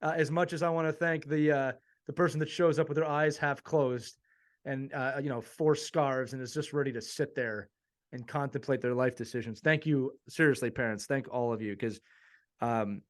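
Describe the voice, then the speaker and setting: A man's voice: mid-range voice, steady tone, normal speed. A man co-hosting a casual podcast chat with a wry, joking delivery. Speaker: podcast co-host.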